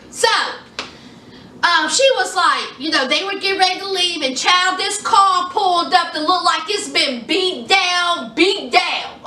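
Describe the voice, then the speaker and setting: Recapping a reality show for her viewers, this reviewer keeps it sassy and casual, addressing them as "honey" and "y'all." She has a very high-pitched, bright, forceful voice, picked up with a little hiss or hum from a distance in an echoey room.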